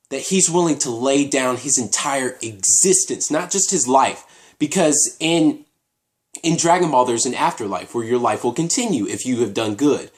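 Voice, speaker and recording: A man reviewing an anime episode in a casual, halting way, often restarting his sentences. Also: medium pitch.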